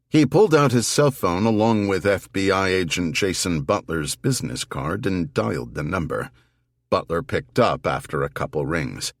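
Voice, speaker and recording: A man narrating a thriller audiobook in a measured, expressive reading. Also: deep voice, no room sound, clean studio sound. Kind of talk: scripted narration.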